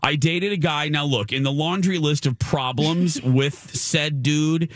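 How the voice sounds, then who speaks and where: A woman's voice: sits low, measured pace, dry recording, studio quality. A woman in her forties, co-hosting a podcast, telling a story in casual chat with lots of laughter. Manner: animated storytelling, laughing often. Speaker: podcast co-host.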